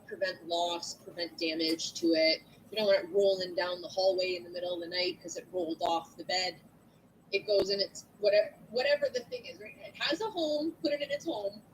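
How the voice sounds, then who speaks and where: A woman teacher with a big, loud voice, giving a chatty online lesson to her students and often asking "right?". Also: fairly high pitch, slight background noise, low-quality recording. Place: at home at a computer. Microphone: computer mic.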